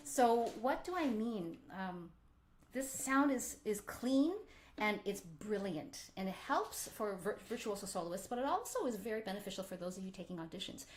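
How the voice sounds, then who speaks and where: A woman teaching a violin workshop, talking through bow technique in an animated way and singing out the strokes she demonstrates. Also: mid-range voice, normal speed, slight background noise. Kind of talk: live online workshop lesson.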